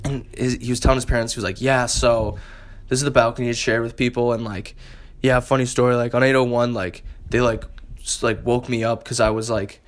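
A man's voice: medium pitch, fairly even intonation, a little fast. A young man in casual podcast chat, telling stories with lots of filler and frequent laughter.

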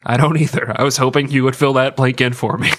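A man's voice: mid-range voice, fairly even intonation, fast, fairly bright tone, dry recording, clean studio sound. A man with a nasal voice co-hosting a podcast, telling history as crude, irreverent comedy. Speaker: podcast co-host. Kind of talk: comic history storytelling.

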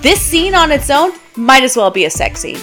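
A woman's voice: sits high, moderate pace, faint music behind. A woman co-hosting a casual book podcast, gushing and acting out quotes from the book. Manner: gushing, animated, acts out quotes. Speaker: podcast co-host.

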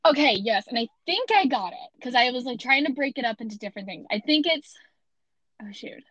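A woman's voice: on the high side, expressive, a little fast, fairly bright tone, dry recording, lo-fi sound. A woman in her twenties with a Midwestern American accent, co-hosting a podcast in a playful, self-mocking, chatty way. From Midwestern United States. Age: 20s. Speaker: podcast co-host. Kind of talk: casual podcast chat.

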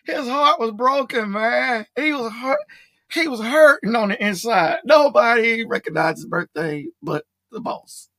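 Animated podcast host on a dry mic. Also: medium pitch, dry recording. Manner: animated, laughs a lot, drawn-out exclamations. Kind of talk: casual chat.

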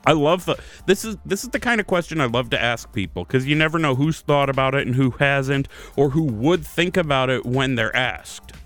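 A man hosts a casual podcast and reads listener submissions. He is relaxed and self-deprecating, at an average pitch, with faint music under him. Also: fairly quick, hardly any pauses, no room sound. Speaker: podcast host.

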